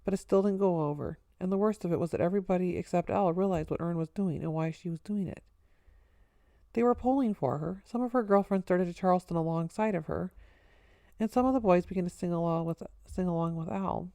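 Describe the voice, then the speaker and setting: Low dry-voiced woman narrating. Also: brisk, warm tone, no echo. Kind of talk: audiobook narration.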